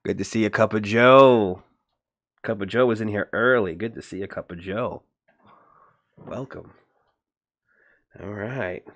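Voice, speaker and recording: A man hosting a casual livestream, rambling and greeting viewers by name, his voice jumping up when he gets animated. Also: fairly low pitch, a little slow, pauses often, dry recording, studio quality. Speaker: livestream host.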